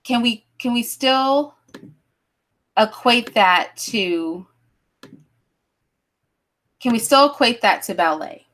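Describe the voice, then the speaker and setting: A woman's voice: fairly high pitch, slow, pauses often, fairly bright tone. A woman hosting a livestream talk show, chatting casually with guests and her live chat, laughing and thinking aloud as she goes.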